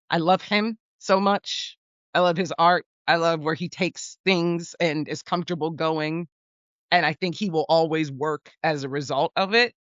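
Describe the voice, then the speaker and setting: A woman co-hosting a podcast, talking about film in a casual, animated and emphatic way, sometimes swearing. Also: lowish voice, no echo, muffled recording. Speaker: podcast co-host.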